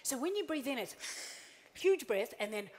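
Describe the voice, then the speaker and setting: A middle-aged woman giving a motivational keynote to a live audience at tables. She is playful and animated, acts out little quoted scenes and coaxes the crowd to join in. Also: high-pitched, normal speed. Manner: coaxing the crowd into joining in. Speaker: motivational speaker.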